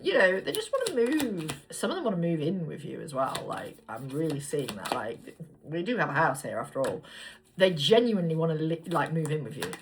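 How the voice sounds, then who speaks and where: A woman's voice: fairly low pitch, slight background noise. A woman giving a casual tarot reading to viewers, chatty and blunt, swearing freely as she draws cards. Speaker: tarot reader.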